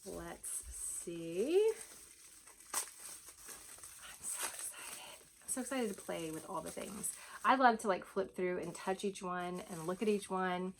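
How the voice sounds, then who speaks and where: A woman chatting casually as she unboxes a gift at home, gushing, breathy and often dropping to soft whispers. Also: fairly low pitch, unhurried, a little hiss or hum. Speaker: vlogger unboxing a gift box.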